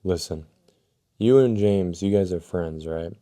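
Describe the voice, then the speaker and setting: A man voicing a tired, stern school vice principal who talks in a calm, measured way. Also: deep voice.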